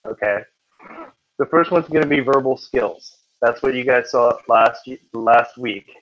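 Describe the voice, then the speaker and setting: Speaking at a measured pace with fairly even intonation, a male test-prep tutor addresses a roomful of students in a mid-range voice. He keeps it loose and chatty, slipping jokes between lesson points, and the classroom audio is muffled and lo-fi.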